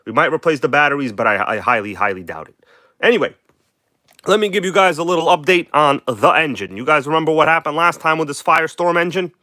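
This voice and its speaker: A man's voice: on the high side, animated, fast, sharp tone, dry recording, clean studio sound. A man with a New York accent hosting a casual live stream from an indoor workbench, chatty and emphatic as he greets viewers by name over a phone mic.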